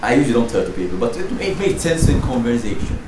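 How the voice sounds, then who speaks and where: A man's voice: medium pitch, big pitch swings, quick pace. Rambling man, roomy echo. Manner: rambling, joking, laughs often. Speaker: podcast host. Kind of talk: casual podcast chat. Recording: roomy echo, distant mic, faint noise.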